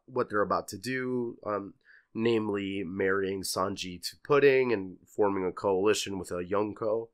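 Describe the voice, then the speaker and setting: Low-voiced, blunt male podcast co-host. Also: bright, forceful tone. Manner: blunt and offhand, swears casually. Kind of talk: casual fan podcast chat.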